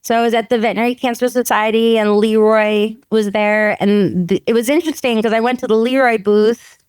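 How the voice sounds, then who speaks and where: A woman's voice: on the high side, brisk, smooth, no room sound. A middle-aged woman, a veterinary oncologist telling stories in a podcast interview, laughing often and acting out dialogue. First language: French. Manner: animated storytelling, laughs often, acts out quoted dialogue.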